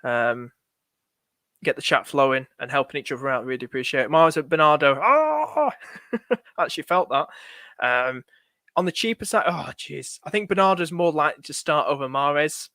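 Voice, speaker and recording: A young fantasy football streamer talks to his viewers on a live stream, thinking out loud in a chatty, anxious way. His voice is fairly high, expressive, bright and forceful at a normal speed, captured in a dry, studio-quality recording.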